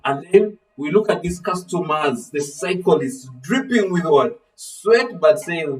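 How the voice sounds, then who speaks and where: Man, literature teacher, high-pitched, distant mic, quizzing students. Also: measured pace. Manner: calls on students by name, asks fill-in questions; animated, acts out voices of characters. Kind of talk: live online literature lesson.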